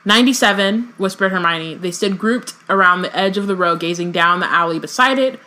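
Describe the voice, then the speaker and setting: American woman co-host, casual and profane, bright voice, reads prose aloud. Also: lowish voice, brisk. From United States. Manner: swears casually, reads a book aloud with asides. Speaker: podcast co-host. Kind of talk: casual chat and reading aloud.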